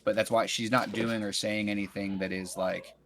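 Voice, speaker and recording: Low-voiced man giving calm advice. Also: moderate pace, slight background noise. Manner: calm, advising, many "like" fillers. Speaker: guest. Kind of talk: casual livestream chat.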